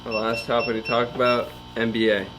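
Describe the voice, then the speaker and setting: A man's voice: mid-range voice, little pitch movement, fairly quick. A man hosting a podcast, steering the sports chat along and asking short questions. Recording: noisy recording.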